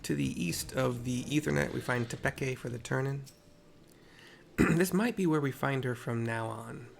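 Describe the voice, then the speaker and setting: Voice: mid-range voice, moderate pace, vocal fry. A gamer casually narrating a story game and describing what is on screen, with offhand, self-mocking asides.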